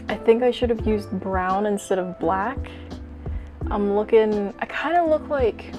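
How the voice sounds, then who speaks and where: A woman's voice: medium pitch, a little mellow. A woman hosting a video, mixing wry, sarcastic commentary with reading a story aloud. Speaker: fanfic reading host.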